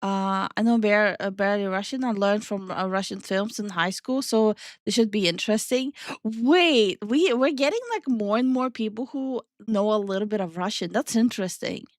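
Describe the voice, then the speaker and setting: A woman's voice: medium pitch, normal speed, dry recording, studio quality. A young woman streaming live, chatting casually with her viewers and reading their messages aloud. She is playful, laughs often and swears offhandedly. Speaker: streamer and VTuber host.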